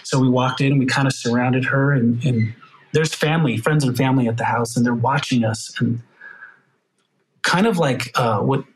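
A man's voice: mid-range voice, moderate pace, rough recording. A middle-aged man, a firefighter and podcast guest, telling an emotional story earnestly and with feeling, acting out the voices of the people in it. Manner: earnest, emotional, animated retelling with quoted voices.

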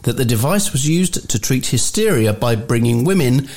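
A man co-hosting a podcast, halting and full of fillers, with cheeky interjections. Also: mid-range voice, expressive, darkish tone, slight background noise. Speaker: podcast co-host. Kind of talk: casual chat.

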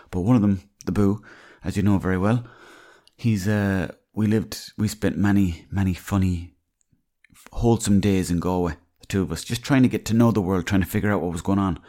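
A low-voiced Irish man talking on his own podcast. He wanders from one anecdote to the next in a loose, chatty way and swears freely as he goes. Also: fairly even intonation, moderate pace, dark tone. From Ireland. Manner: rambling, anecdotal, salty language. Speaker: podcast host. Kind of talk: casual storytelling monologue.

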